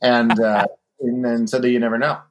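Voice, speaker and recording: Man, interview guest, chatty, lively storytelling, middle pitch. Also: normal speed. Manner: chatty, animated storyteller, mimics voices in anecdotes. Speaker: guest, drag performer. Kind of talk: casual interview chat.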